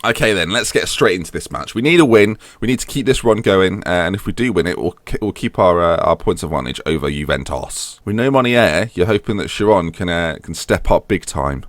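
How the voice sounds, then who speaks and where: A young man commentates on his football manager save in a lively, animated voice that rises and falls all over the place. His voice sits fairly low, and the recording is dry and close with no room sound. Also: dry recording. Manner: animated, swings from grumbling to yelling at goals. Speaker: gaming YouTuber. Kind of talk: commentary while playing a football manager game.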